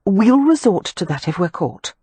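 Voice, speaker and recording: A woman's voice: medium pitch, big pitch swings, moderate pace, mellow, slightly rough, no room sound, pitched above the performer's own voice. A woman voicing a responsible, protective eldest sister who speaks in a firm, take-charge way in an audiobook.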